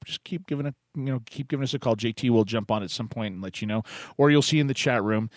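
A man hosting a poetry call-in show, chatting loosely with restarts and reading a listener's poem slowly and softly. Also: mid-range voice, dry recording. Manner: slow, soft reading of a poem.

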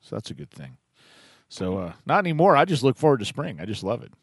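Easygoing male call-in radio host with an animated delivery. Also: mid-range voice, fast, no echo, studio quality. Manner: easygoing, chatty.

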